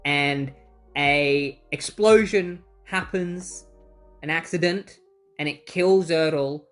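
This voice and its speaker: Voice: medium pitch, slow pace, faint music behind. A comic book reviewer recapping issues in casual chat, with exasperated asides.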